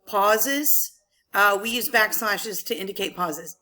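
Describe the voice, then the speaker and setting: Slow, patient woman teacher. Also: medium pitch, pushed and bright. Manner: patient, explanatory, many ums. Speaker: English teacher. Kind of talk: recorded online lesson.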